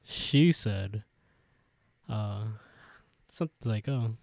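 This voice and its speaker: A man's voice: medium pitch, moderate pace, darkish tone, dry recording. A man co-hosting a podcast, recapping an episode in a laid-back way, laughing often and swearing casually. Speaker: podcast co-host.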